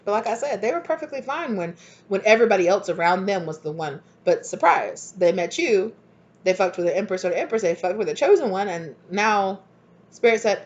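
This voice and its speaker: A woman giving a casual tarot reading, animated and blunt, who swears freely and acts out both sides of an argument in sudden high voices. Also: fairly quick. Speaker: tarot reader. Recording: dull lo-fi recording.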